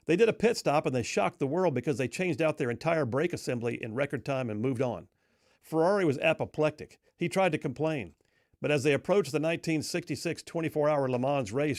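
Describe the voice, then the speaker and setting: A man's voice: medium pitch, a little mellow, no room sound, clean studio sound. Folksy, emphatic male radio host. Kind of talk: dramatic storytelling on talk radio.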